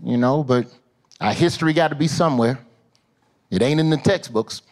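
A man's voice: medium pitch, normal speed. An American man doing stand-up comedy with an African American Vernacular English accent, telling loose, profane stories and putting on voices. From United States. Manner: loose, profane, animated storytelling with put-on voices. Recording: live show with audience noise.

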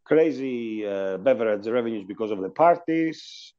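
A man recounts an old work story in a loose, chatty way, laughing now and then. His voice is mellow and relaxed. The call audio sounds dull and muffled. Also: fairly low pitch, normal speed. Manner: chatty, laughs between anecdotes. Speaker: hotel industry guest telling a story. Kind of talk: casual storytelling on a video call.

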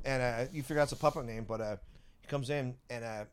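A man rambling through comedy-club stories, halting and restarting, laughing often. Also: mid-range voice, steady tone, smooth. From Philadelphia area. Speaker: comedian guest. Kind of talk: casual chat, storytelling.

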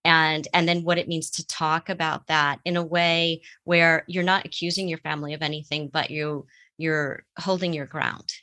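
A woman therapist with a low voice and a bright, forward tone. She gives advice in a studio conversation. She walks through everyday examples and acts out what people say. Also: level tone, moderate pace. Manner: explains with everyday examples and acted-out quotes.

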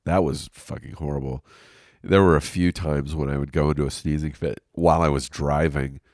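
Very deep-voiced stuffy man. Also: fairly even intonation, normal speed, darkish tone, no echo, clean studio sound. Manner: rambling, profane, self-deprecating. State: stuffy nose from a cold. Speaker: podcast host. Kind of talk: casual solo podcast monologue. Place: lying on his couch at home.

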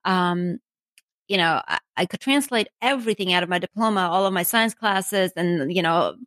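A woman's voice: fairly low pitch, normal speed, fairly bright tone, no room sound. A woman from Armenia, telling her own story in a chatty way, full of asides and self-mocking laughs. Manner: chatty, many asides like "you know" and "right?", laughs at herself. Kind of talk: casual storytelling.

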